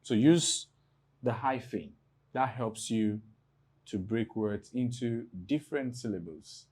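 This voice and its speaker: A man from Nigeria teaching an exam prep English lesson, explaining slowly and spelling words out letter by letter. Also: medium pitch, a little mellow, breathy edge. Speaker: English tutor.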